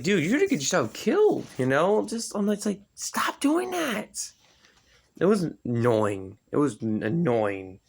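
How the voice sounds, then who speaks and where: In an offhand movie-review video, a man wanders through his thoughts, cursing often and padding his speech with fillers. When something riles him, his animated voice jumps abruptly higher.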